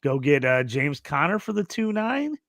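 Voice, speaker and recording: Enthusiastic podcast host, dry sound. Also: male voice, on the high side, very animated, normal speed, creaky, fairly bright tone, no room sound. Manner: enthusiastic, thinks aloud with restarts. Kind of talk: casual chat.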